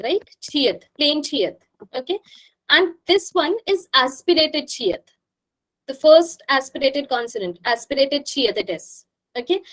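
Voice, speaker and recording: A woman's voice: high-pitched, rough recording. A woman teaching a language class over a video call, drilling sounds patiently and checking in often. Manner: patient, repetitive drilling, frequent "right?" checks. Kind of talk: live online class.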